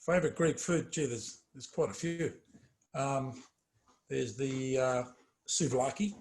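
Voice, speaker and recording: A middle-aged former footballer in a casual interview, telling animated stories with many fillers and trailing off quietly. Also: male voice, medium pitch, slow.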